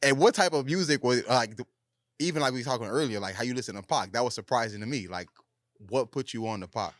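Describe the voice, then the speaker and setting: Host: man, quick casual questions, lowish voice, dry close mic. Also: dry recording. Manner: curious, asks follow-up questions, casual slang. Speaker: podcast host. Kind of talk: casual interview chat.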